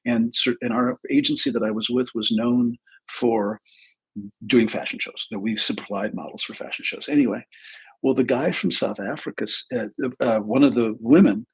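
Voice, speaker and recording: Raspy-voiced man in his sixties telling a story. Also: mid-range voice, moderate pace, poor audio. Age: 60s. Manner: rambling, candid, with frequent restarts and profanity. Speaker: host. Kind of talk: casual live-stream storytelling.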